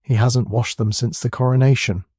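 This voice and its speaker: A sly, soft-spoken village policeman with a thick Scottish Highland accent, as a narrator puts him on, drawling in a syrupy, mellow tone. The audiobook recording is close and dry. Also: steady tone, moderate pace, breathy edge, no room sound, natural voice.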